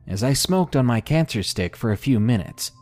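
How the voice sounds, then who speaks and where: A man narrating a scary story in slow, expressive storytelling. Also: medium pitch, soft background music. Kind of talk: scripted horror story narration.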